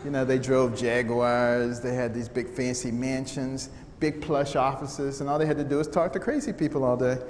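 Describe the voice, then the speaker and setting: A middle-aged American man giving a storytelling talk to an audience, humorous and animated, often acting out the voices of the people he quotes. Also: medium pitch, normal speed, hardly any pauses. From United States. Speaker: speaker giving a testimony talk. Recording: echoey hall sound with faint noise.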